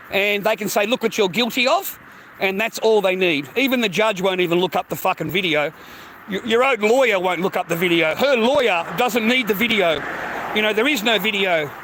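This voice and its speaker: A man's voice: high-pitched, fairly bright tone, slight background noise, rough recording. A man with an Australian accent ranting in a casual, heated, profanity-filled monologue. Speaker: streamer.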